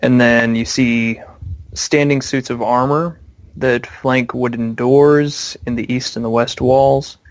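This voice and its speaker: A young man narrating scenes slowly as game master of a tabletop game. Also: mid-range voice, fairly even intonation, dry recording. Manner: slow, descriptive, with fillers.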